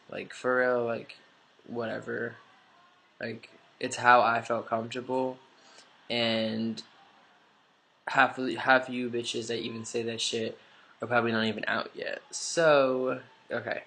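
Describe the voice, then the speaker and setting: A man's voice: mid-range voice, flat delivery, a little slow, pushed and bright. A man with a stuffy nose telling a personal story in a casual, rambling vlog, full of "like" and offhand swearing, recorded on a camera mic. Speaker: vlogger.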